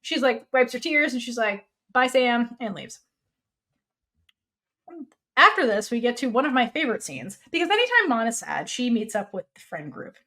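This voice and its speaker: Woman podcast co-host, fairly high pitch, animated casual recap. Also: moderate pace. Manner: animated, swears freely, acts out characters' lines.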